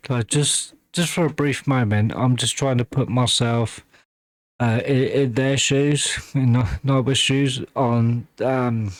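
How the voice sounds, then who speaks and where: A man hosting a music reaction video, talking in halting, emotional bursts full of fillers and restarts while fighting back tears. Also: medium pitch, fairly even intonation. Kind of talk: casual reaction commentary.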